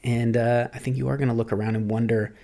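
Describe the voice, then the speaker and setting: A man's voice: mid-range voice, level tone, quick pace, vocal fry, mellow. A man hosting a podcast, musing aloud in a rambling, philosophical solo monologue. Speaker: podcast host.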